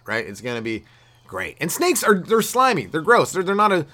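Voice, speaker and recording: A stand-up comic talking alone into his podcast mic, his pitch swooping up and down as he riffs. He keeps tossing out "right?" and "you know", and he laughs at his own jokes between bits. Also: quick pace. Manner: animated, jumps into loud put-on voices for bits. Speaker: stand-up comedian hosting a podcast. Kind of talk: rambling solo comedy riff.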